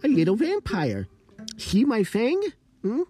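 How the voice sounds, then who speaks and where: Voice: medium pitch, huge pitch swings, unhurried. A performer voicing a tiny, playful, cheeky vampire who talks in a teasing sing-song, with light music behind.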